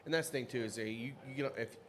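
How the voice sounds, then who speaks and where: A man co-hosting a podcast, telling relaxed stories in casual chat. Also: mid-range voice, fast, slight background noise. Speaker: podcast co-host.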